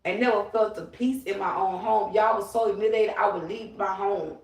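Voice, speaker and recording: A woman's voice: mid-range voice, normal speed, recorded from a distance. A woman ranting on a livestream, profane, emphatic and confrontational. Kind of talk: livestream rant. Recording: roomy, away from the mic.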